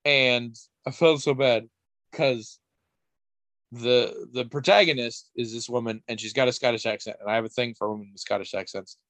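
A man's voice: mid-range voice, steady tone, normal speed, fairly bright tone, no echo. Rambling, wry man in dry casual chat. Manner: rambling, self-interrupting, wry, swears casually.

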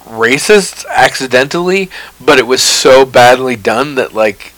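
A man co-hosting a podcast, telling a story in an animated way and laughing often. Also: mid-range voice, unhurried, dry recording, low-quality recording. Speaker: podcast co-host. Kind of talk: casual chat.

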